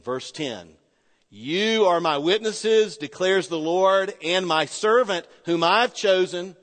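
A man preaching a sermon as a pastor, animated and swinging from loud emphasis to hushed, low asides. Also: slow pace, in a large hall.

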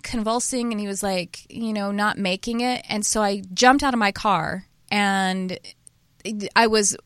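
A woman hosting an interview, telling stories in a rambling, animated way with many restarts. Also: mid-range voice, a little slow, clear, resonant tone, dry recording, clean studio sound. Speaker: podcast host. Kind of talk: casual interview chat.

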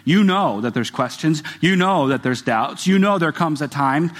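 A man's voice: a little high, lively intonation, moderate pace. A man preaching a sermon as a pastor, earnest and repetitive, building emphasis as he speaks. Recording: music playing behind the voice. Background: soft guitar music.

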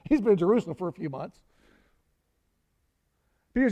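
A man's voice: sits high, sing-song, moderate pace, dark tone. A man preaching a conversational Bible sermon, acting out quoted lines with small laughs and sighs. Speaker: pastor.

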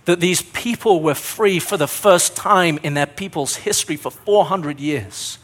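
A man's voice: on the high side, measured pace, a bit bright. A man preaching a sermon in an earnest way, building his points through repeated phrases, his voice a little strained. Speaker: pastor.

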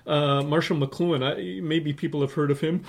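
A man's voice: a little high, steady tone, normal speed, vocal fry. Rambling older man telling stories. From Canada. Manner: rambling, many fillers, laughs at his own stories. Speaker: interview guest, writer and publisher. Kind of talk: casual anecdotal storytelling.

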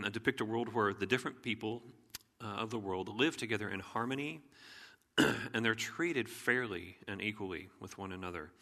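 A man preaching a sermon as pastor in an earnest, measured way, often clearing his throat. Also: lowish voice, pushed and bright. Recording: long hall reverb.

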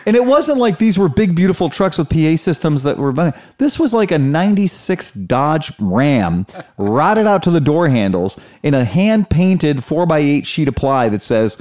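Male host, lively storyteller, wide pitch swings, plays out the quotes. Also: normal speed. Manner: animated storyteller, acts out quotes, laughs often. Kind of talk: casual chat, storytelling.

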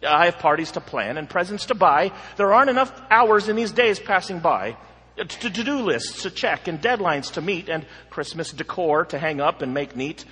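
A frantic, harried man who is always rushing, as a man acts him out in a storybook reading. He speaks with a lively, bouncing pitch and a bright, husky tone, and a long hall reverb follows his voice. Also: exaggerated voice. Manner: hurried and flustered. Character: frantic busy man rushing through chores.

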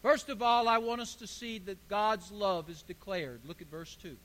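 A man preaching a sermon as pastor, emphatic and building to forceful declarations. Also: high-pitched, moderate pace. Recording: hall reverb.

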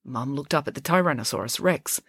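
A woman author reading her children's story aloud in an expressive storytelling manner. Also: rumbling low, brisk, slightly rough, dry recording, studio quality. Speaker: author and narrator. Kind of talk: audiobook-style story reading.

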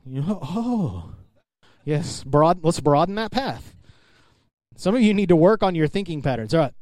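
High-voiced preacher calling out to his congregation. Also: expressive, measured pace, a little mellow, dry recording. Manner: conversational, calls out to the congregation. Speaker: pastor. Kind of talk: sermon.

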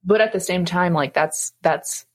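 A woman's voice: lowish voice, moderate pace, darkish tone, breathy edge. A young woman co-hosting a casual faith podcast, rambling with many fillers and frequent laughs. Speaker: podcast co-host.

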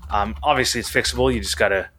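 A man co-hosts a chatty podcast. His voice is bright and forceful, and his talk stops and starts, full of "like" and "um.". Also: fairly low pitch, quick pace, breathy edge. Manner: hesitant, lots of "like" and "um". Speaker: podcast co-host. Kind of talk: casual podcast chat.

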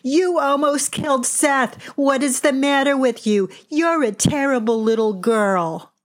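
Woman doing a shrill, scolding New York lady. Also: a little slow. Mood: outraged. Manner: shouting, scolding. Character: loud angry middle-aged woman neighbor.

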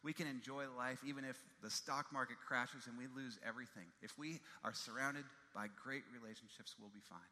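A man's voice: mid-range voice, steady tone, fairly quick, hardly any pauses, sharp tone, long reverb tail. A man preaching a sermon as a pastor. He tells stories with emphasis and repeats his key phrases.

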